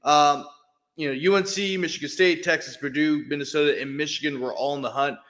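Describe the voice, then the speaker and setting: A man's voice: fairly high pitch, fairly even intonation, brisk, fairly bright tone, long reverb tail. A man hosting a sports podcast, talking casually with lots of fillers and restarts. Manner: chatty, heavy fillers and restarts. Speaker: podcast host, beat writer.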